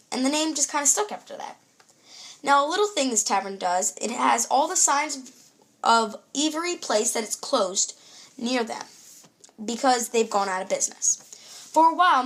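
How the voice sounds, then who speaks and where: A woman's voice: high-pitched, fairly bright tone. A young woman presenting a scripted food show in an upbeat, read-aloud presenter tone.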